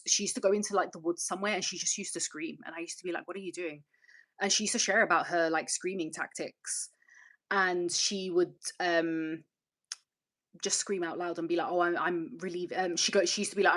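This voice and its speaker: A woman hosting a casual livestream, reading viewer comments and chatting candidly, rambling and swearing freely. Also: fairly low pitch. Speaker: channel host.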